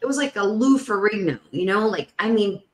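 A woman guest on a podcast, telling a story in a casual, animated way. She fills her talk with "like" and acts out the voices in the story. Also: medium pitch, brisk. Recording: roomy echo.

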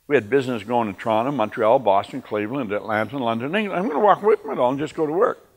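A man giving a motivational talk, telling personal stories and moving from quiet moments to emphatic ones. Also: medium pitch, very fast. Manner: animated, swings from quiet to emphatic. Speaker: motivational speaker. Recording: long reverb in a large hall.

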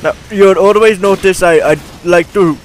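A man giving casual, rambling commentary over his own gameplay, excitable and swearing often into a desktop mic. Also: sits high, normal speed, slight background noise.

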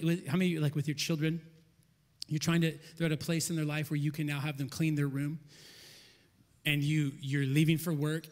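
A pastor preaching a sermon with passion, building rhythmic lists and dropping to near-whispers for emphasis. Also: male voice, a little high. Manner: repeats phrases in rhythmic lists. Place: church auditorium. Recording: long reverb of a large hall.

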